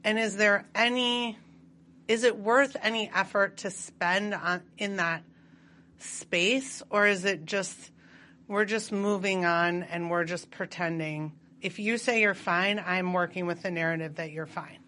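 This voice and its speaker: Slow, bright-voiced woman asking a question. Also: mid-range voice, steady tone. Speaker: audience member.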